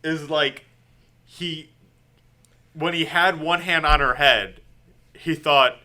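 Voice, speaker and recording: A man with a strikingly bright, slightly high voice talks through a comic story on a podcast. He recaps it loosely and acts out the characters' lines in quick asides as he goes. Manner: animated retelling with quick acted-out quotes and laughs. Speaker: podcast co-host. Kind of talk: casual comic book recap chat.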